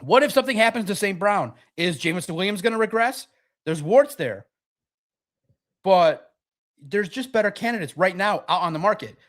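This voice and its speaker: Animated man hosting a sports stream. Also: sits high, normal speed. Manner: animated, acts out quotes, laughs often. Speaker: sports talk show host. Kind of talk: livestream sports reaction.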